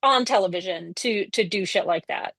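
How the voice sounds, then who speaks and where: A woman's voice: medium pitch, moderate pace, creaky, slightly rough, no room sound. A woman co-hosting a casual comedy podcast, recapping a TV episode and acting out the characters' lines. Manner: animated, swears freely, acts out characters' lines. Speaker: podcast co-host.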